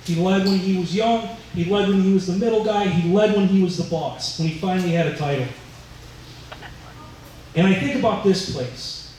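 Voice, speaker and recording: A firefighter with a fairly high voice tells firehouse stories at a dedication, acting out the other people's voices as he goes. The sound comes from far off in a very echoey hall, with faint noise underneath. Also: darkish tone. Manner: storytelling, acting out voices in quotes. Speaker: firefighter giving a dedication speech. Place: large indoor room at a fire training center.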